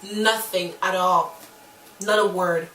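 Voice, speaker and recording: A woman's voice: slow pace, distant mic, a little hiss or hum. A woman in her twenties telling a personal story to camera in a casual vlog, acting out the lines she quotes. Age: 20s. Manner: animated, acts out quoted lines in shifting pitch. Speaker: vlogger. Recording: roomy echo, a bit off-mic.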